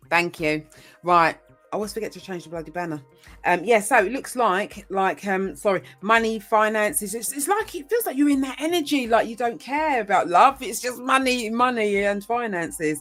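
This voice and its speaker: A woman giving a casual tarot reading, chatty and rambling, with frequent ums and mild swearing. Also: mid-range voice. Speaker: tarot reader.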